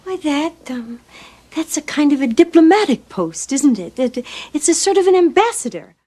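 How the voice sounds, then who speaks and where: A nervous, high-voiced society wife in a film comedy, hesitant and fumbling. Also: female voice, sing-song, normal speed, mellow. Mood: flustered. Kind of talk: 1990s film comedy acting.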